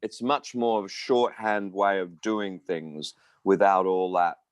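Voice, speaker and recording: In a dry recording, a man in his 60s from Australia speaks slowly-ish with a low, steady voice. Appearing as a musician guest in a relaxed interview, he wanders from story to story, mimicking the voices of anyone he quotes.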